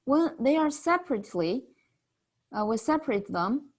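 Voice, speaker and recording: A woman teaching a beginner language lesson, patiently modeling sounds with drawn-out, exaggerated vowels. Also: sits high, animated.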